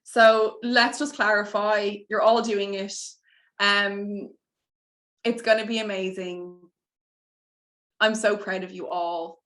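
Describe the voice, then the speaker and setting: A woman's voice: mid-range voice, steady tone, slow, pauses often, a bit bright. Emotional woman coach in an echoey room. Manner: heartfelt, gets emotional, breaks into tears and laughter. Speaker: mindset coach hosting a masterclass. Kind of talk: live online sales pitch.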